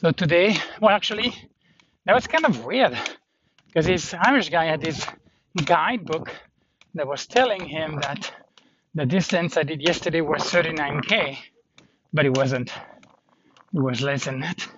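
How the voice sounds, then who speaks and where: Man, slightly high voice, rambling walk-and-talk vlog outdoors, halting delivery, dull lo-fi sound with faint hiss. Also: fairly bright tone. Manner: rambling, halting, many fillers. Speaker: walking pilgrim vlogger. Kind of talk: casual walking vlog. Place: outdoors on a hilly trail.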